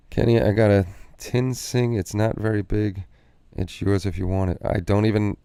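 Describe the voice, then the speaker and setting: A man's voice: on the low side, level tone, moderate pace, gravelly, dark tone, clear, resonant tone, no room sound. A man hosting a livestream, chatting casually and reading viewer comments in a rambling, easygoing way with repeated phrases. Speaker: livestream host. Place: home hobby room.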